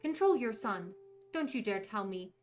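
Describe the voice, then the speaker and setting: A woman's voice: mid-range voice, lively intonation, brisk, natural voice. Woman putting on a stern scolding mother.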